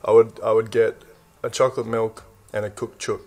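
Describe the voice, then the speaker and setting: A young Australian man with an Australian accent, casually explaining slang in a relaxed drawl. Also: on the low side, normal speed. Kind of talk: casual explainer in a played clip.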